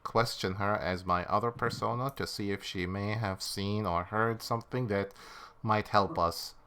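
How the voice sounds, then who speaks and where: Man, low voice, casual, tabletop player, explains his moves. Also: fairly even intonation, moderate pace, pushed and bright, clear, resonant tone. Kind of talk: casual tabletop role-play.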